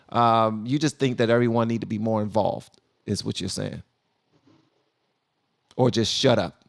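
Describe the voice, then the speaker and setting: A man's voice: on the low side, steady tone, unhurried, vocal fry, pauses often. A man hosting a casual live stream and talking loosely, with many fillers and restarts.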